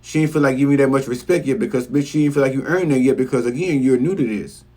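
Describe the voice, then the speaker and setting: A man's voice: mid-range voice, quick pace, dark tone. Profane, blunt man recapping TV. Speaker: reality TV commentator. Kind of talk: casual episode recap rant.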